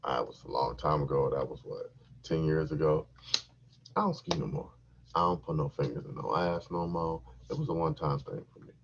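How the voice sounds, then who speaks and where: Gravelly, deep-voiced man telling crude stories. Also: brisk, dull audio. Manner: animated, crude, repeats himself for laughs. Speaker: podcast host telling a story. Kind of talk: profane comic storytelling.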